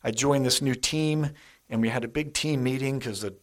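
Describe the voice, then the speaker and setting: A middle-aged man preaches a sermon in a church, speaking directly to the congregation and telling stories conversationally. His voice is mid-range and his pace moderate.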